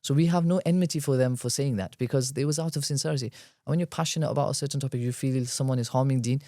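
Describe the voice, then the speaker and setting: A man, a guest scholar, explaining at length in a podcast discussion, quick and animated, weaving in Arabic terms. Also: medium pitch, no echo, clean studio sound.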